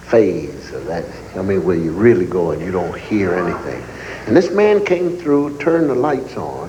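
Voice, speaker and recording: A man in his forties telling an animated stand-up story on a theater stage, acting out scenes. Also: mid-range voice, highs cut off. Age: 40s. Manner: animated, acts out scenes and voices. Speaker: stand-up comedian. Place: large theater stage, live show. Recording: echoey theater hall, audience noise.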